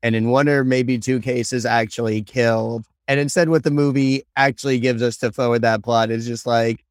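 A man co-hosting a casual podcast, reviewing a bad movie with quick, laughing, hyperbolic talk. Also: mid-range voice, steady tone, smooth, no echo, studio quality. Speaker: podcast co-host.

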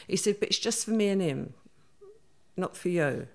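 A woman's voice: on the low side, lively intonation, moderate pace, vocal fry. An older woman, a guest recounting her past in a chatty interview, acting out what others said. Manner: chatty, acts out quoted voices. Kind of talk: storytelling interview.

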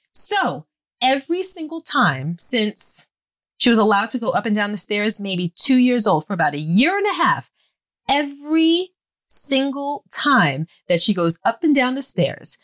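A woman co-hosting a podcast with her partner, teasing and animated in casual chat, laughing often. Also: mid-range voice. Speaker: podcast co-host.

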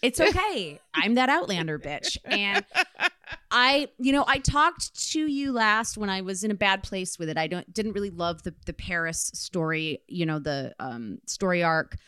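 Podcast co-host, woman, excitable and profane, smooth voice, close dry sound. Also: medium pitch, moderate pace, dry recording. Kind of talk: casual podcast chat.

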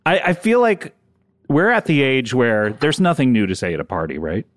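A man of middle pitch co-hosts a comedy podcast. His voice swings up and down a lot, he laughs often and poses mock-serious questions, and the sound is dry and close. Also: big pitch swings, normal speed, no room sound. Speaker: podcast co-host. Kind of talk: casual comedic chat.

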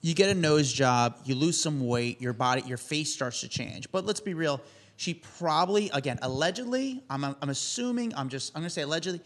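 A man co-hosting a casual celebrity news podcast, telling stories in a quick, self-deprecating way. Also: on the high side, expressive, fairly bright tone. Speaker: co-host.

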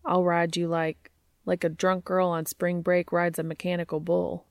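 A woman reading aloud, voicing an eager, joking grown man who talks fast. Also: fairly low pitch, little pitch movement, no echo, studio quality, close to an everyday voice. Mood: playful. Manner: quick, joking, talkative.

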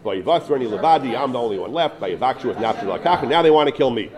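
An earnest man teaches a text-study class at a middling pitch, reading verses and translating them phrase by phrase. He often restarts and repeats himself as he explains. A crowd murmurs clearly behind him. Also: animated, fast talker. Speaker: Torah teacher.

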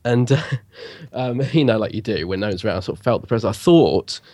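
A man's voice: on the low side, animated, brisk, mellow, no room sound. Nasal man with a cold. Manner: chatty, rambling storyteller. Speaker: podcast co-host. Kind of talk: casual chat.

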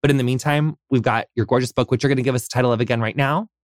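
A man's voice: mid-range voice, fairly even intonation, racing, dry recording, studio quality. An American man in his thirties hosting a casual interview podcast, effusive and gushing, full of "like" and casual swearing. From United States. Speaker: podcast host.

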